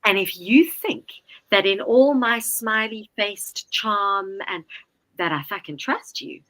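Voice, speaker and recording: A woman telling a story in a casual talk, lively and animated, swearing freely and acting out what people said. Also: mid-range voice, takes it slowly, poor audio. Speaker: guest, Enneagram teacher.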